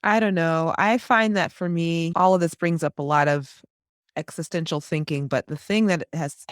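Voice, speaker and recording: A woman speaking as a podcast guest over a video call, reflecting in a thoughtful, measured way. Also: lowish voice, steady tone, dry recording, studio quality. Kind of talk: casual chat.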